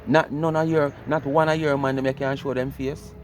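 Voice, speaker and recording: A man's voice: mid-range voice, little pitch movement, normal speed, slight background noise. A Jamaican man explaining his point in casual commentary, lecturing and asking rhetorical questions.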